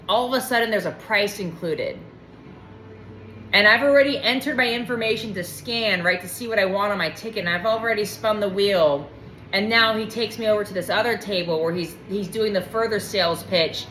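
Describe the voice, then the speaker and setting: A woman's voice: medium pitch, moderate pace, a bit bright, a little hiss or hum. A woman telling a personal story in a casual, digressive way, often drifting off track and acting out what people said. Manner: rambling, digressive, acts out quoted dialogue. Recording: roomy echo.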